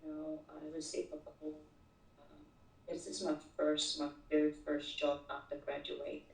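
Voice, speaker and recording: A woman's voice: low voice, completely flat delivery, measured pace, a little mellow. A woman as an interview guest, telling a work story in casual talk and often repeating words as she starts sentences. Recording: roomy echo, distant mic.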